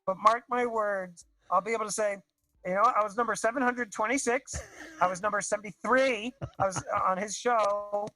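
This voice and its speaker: A man's voice: sits high, steady tone, normal speed, sharp tone, rough recording. A man calling in to a video show, talking enthusiastically with a nasal, congested voice. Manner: enthusiastic, effusive. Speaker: caller. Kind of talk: casual video call chat. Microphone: video call.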